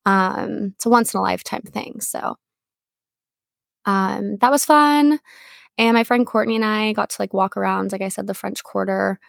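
A woman's voice: mid-range voice, fairly even intonation, normal speed, vocal fry, dry recording, studio quality. A young woman co-hosting a podcast, telling a story in a chatty way with lots of fillers. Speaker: podcast co-host. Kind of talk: casual chat.

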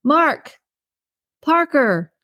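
A woman voicing an excitable, determined young female detective who insists she is right. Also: mid-range voice, normal speed, dry recording, clean studio sound. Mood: eager. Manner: eager and insistent.

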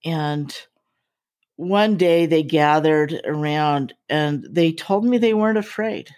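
A woman hosting a casual conversation, speaking in a slow, reflective, heartfelt way. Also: deep voice, darkish tone.

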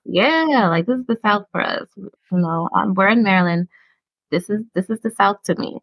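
A woman's voice: mid-range voice, moderate pace, fairly bright tone, dry recording, poor audio. A woman from Brooklyn, New York, co-hosting a podcast and telling candid personal stories in a casual, filler-laden way. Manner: candid, storytelling with frequent fillers. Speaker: podcast co-host. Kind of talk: casual conversation on mental health.

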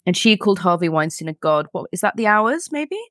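An English woman talks on a podcast in a lower voice, animated and chatty. Her speech is quick to laugh and quick to jump into quoted voices. The sound is close and dry, with no room around it. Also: no echo. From England. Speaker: podcast guest. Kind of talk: casual chat.

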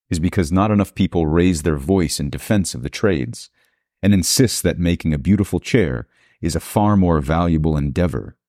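A man's voice: rumbling low, a little mellow, no room sound, clean studio sound. A man hosting an interview, first reading an earnest, reflective introduction, then asking questions. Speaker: interviewer and host.

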